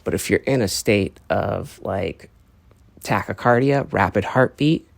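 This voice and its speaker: Gravelly, profane young podcast host. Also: male voice, on the low side, unhurried, dry recording. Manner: profane, rambling, earnest lecturing. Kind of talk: casual solo monologue.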